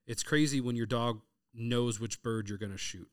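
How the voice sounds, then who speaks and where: A man's voice: mid-range voice, normal speed, clean tone, no echo, studio quality. A man in his thirties, hosting a casual chat and telling hunting stories full of quoted dialogue. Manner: storytelling, animated retelling of hunting anecdotes with quoted dialogue. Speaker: podcast host.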